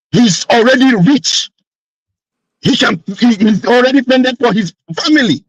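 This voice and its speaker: A man's voice: extremely high pitch, a bit bright, no echo, muffled recording. A man arguing insistently as a panelist in a heated online discussion. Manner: insistent, indignant.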